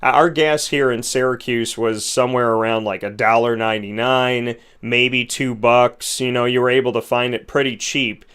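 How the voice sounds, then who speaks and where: A man's voice: mid-range voice, fairly even intonation, normal speed, hardly any pauses, fairly bright tone, smooth. A male show host giving conversational opinion commentary, rambling and frustrated, and asking rhetorical questions.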